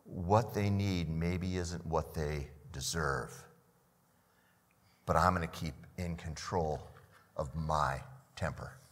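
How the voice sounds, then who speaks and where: A man's voice: a bass voice, takes it slowly, pauses often, long reverb tail. An older man preaching a sermon as a pastor, often repeating the first words of a phrase and asking the listeners questions.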